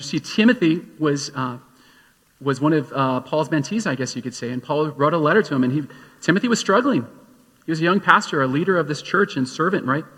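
A male pastor delivering a sermon, moving from storytelling into emphatic appeals. His voice sits a little high and has a husky edge. It rings out with a long reverb, as if he is in a large hall. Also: fairly bright tone. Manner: storytelling, rising to emphatic exhortation.

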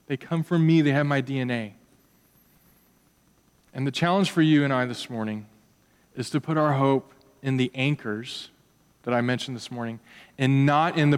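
A man gives a sermon in a slightly high voice that swings from animated, rising questions to low, hushed conclusions. His voice carries a long reverb, as in a large church sanctuary. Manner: animated preaching, rising high on questions and dropping soft on key points. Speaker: pastor.

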